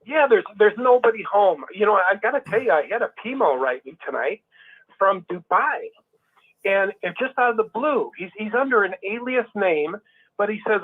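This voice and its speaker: A man's voice: sits high, expressive, moderate pace. Heated man on a tinny phone line. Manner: emphatic, heated, many restarts. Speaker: guest. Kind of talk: casual conversation.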